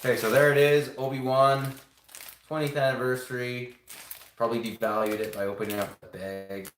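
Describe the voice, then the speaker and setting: A man talks casually to his live-stream viewers in a middle-pitched voice. His talk rambles from point to point as he builds and shows things off. The sound carries a clear room echo from a home setup. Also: little pitch movement, fairly quick, a little hiss or hum.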